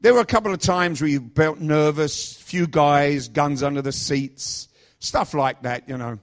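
A man's voice: a little high, measured pace. A middle-aged man from England preaching in a chatty, joking storytelling style. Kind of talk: storytelling sermon.

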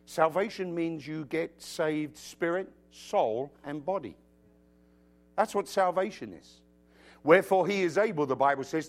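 A man with a high voice preaches a sermon, quoting scripture as he goes. He swings from hushed, close passages to loud, emphatic bursts and slips in humorous asides.

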